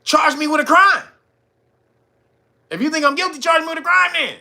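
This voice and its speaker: A man's voice: very high-pitched, moderate pace, creaky, bright, forceful tone, pitched above the performer's own voice, exaggerated voice. A man putting on the voice of an indignant grown man who denies accusations. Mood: defiant. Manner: defiant, protesting.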